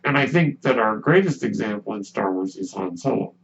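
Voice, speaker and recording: A gravelly, fairly low-voiced man hosts a casual solo podcast, musing in a relaxed way with pauses and restarts while he breathes with a ventilator. Soft music plays behind him, and the lo-fi recording sounds dull with a faint hum.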